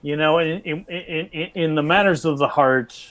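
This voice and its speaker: A man's voice: on the high side, normal speed, fairly bright tone. A man who is a regular on a casual sports fan show, rambling playfully. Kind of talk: casual banter.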